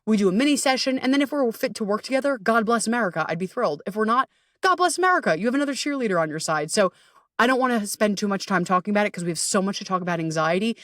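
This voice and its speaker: Woman podcast host, solo chat, candid and sweary, mid-pitched voice, dry close sound. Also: expressive, racing, fairly bright tone, dry recording. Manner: chatty and candid, swears freely, acts out inner voices. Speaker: podcast host and anxiety coach. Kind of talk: casual solo podcast monologue.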